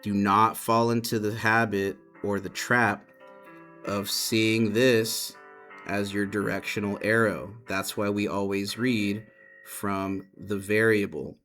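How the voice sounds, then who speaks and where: A man walks students through a math lesson, repeating key points and calling them y'all. He speaks slowly in a fairly low voice. Faint music plays behind him. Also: steady tone, a bit bright. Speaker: math teacher. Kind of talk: classroom lesson explanation.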